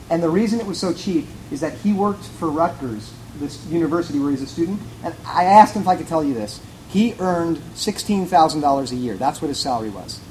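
A man's voice: a little high, a little hiss or hum, rough recording. A man giving a sermon in a church, telling a conversational, self-mocking personal story and acting out the dialogue. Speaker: pastor.

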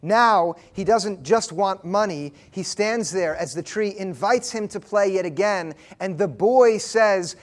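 Earnest, high-voiced male preacher. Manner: earnest storytelling with emphatic pauses. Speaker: pastor. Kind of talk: sermon.

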